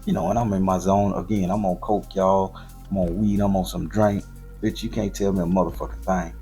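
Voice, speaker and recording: Southern US male storyteller, 40s, raspy-edged low voice, profane and rambling. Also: a little fast, faint music behind. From southern Florida. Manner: loose, profane and animated, with slangy repetition.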